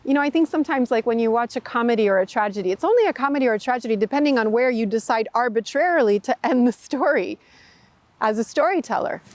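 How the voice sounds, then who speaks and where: Expressive high-voiced woman storyteller. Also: fast talker, dry recording. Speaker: meditation teacher. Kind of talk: storytelling and spiritual talk.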